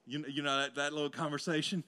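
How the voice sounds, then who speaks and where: A male pastor preaching to his congregation in a church. His delivery swings between loud, rising exclamations and quiet, intense passages. He drops in playful, conversational asides to the crowd. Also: a little high, little pitch movement, fast, clear, resonant tone. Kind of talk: sermon. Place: church sanctuary before a congregation.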